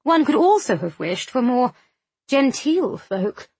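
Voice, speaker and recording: A woman's voice: big pitch swings, takes it slowly, a little mellow, husky, dry recording, full character voice. Woman putting on a fussy, snobbish village lady. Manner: high, fussy and affronted. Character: fretful snobbish middle-aged village lady.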